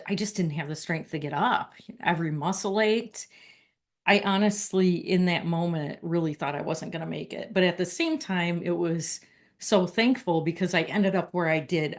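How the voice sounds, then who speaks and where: A woman telling a personal story in a casual, earnest and reflective way, halting and restarting as she goes. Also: fairly low pitch.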